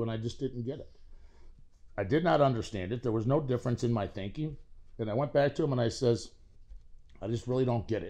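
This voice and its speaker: A man at middle pitch tells his own recovery story, earnest and unpolished. He stumbles over restarts and fillers and slips into the voices of people from his past as he talks. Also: darkish tone. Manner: earnest, acts out past dialogue. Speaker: testimony speaker. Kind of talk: personal recovery testimony.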